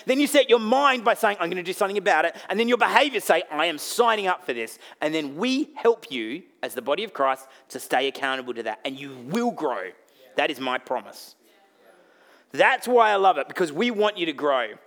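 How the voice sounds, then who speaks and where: Here an Australian pastor delivers a sermon with a blunt, joking style, alternating between booming bursts and quiet side remarks. His pitch runs on the high side, with a sing-song lilt and a slightly quick delivery.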